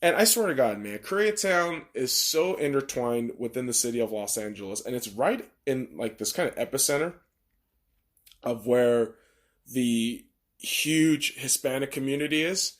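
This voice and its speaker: A man's voice: mid-range voice, animated, moderate pace. A man hosting a podcast, talking in a blunt, profane, ranting monologue. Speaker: podcast host.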